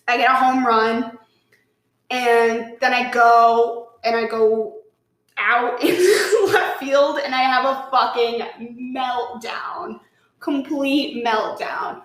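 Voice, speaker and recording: Guest, female, animated storyteller, swears freely, echoey room. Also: on the high side. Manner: animated, swearing, lots of "like", acts out quotes. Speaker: podcast guest. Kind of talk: casual storytelling chat. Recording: roomy echo.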